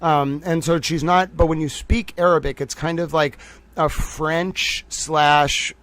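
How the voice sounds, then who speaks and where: A man with a Boston accent hosting a commentary stream, talking fast and digressively with lots of fillers and restarts. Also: on the high side, steady tone, fairly bright tone. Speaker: commentary livestream host. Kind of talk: casual analytical commentary.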